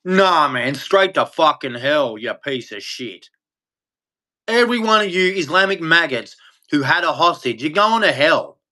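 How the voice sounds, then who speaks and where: A man's voice: fairly high pitch, expressive, measured pace, bright, forceful tone. A man with an Australian accent delivering a heated, profane rant as host of a live stream. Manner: angry, profane, blunt ranting. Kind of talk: ranting monologue.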